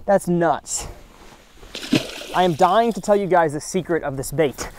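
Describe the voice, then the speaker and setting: A man, hosting a fishing vlog from a boat outdoors, excitedly exclaiming and talking to the fish as he catches them. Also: on the high side, a little slow, noisy background. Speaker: fishing channel host.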